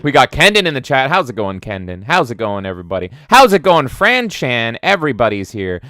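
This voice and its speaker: An excitable man live-streaming from home, reading out viewer comments between loud goofy voices and casual swearing. His voice is smooth and resonant, with a mid pitch for a man. The sound is dry and close, with no room echo. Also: fast talker.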